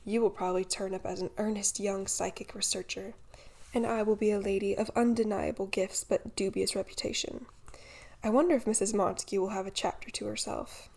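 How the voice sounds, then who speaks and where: Woman reads witty young woman, dry mockery, creaky texture. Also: medium pitch, fairly even intonation, a little fast, a little mellow. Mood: teasing. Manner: dry, mocking.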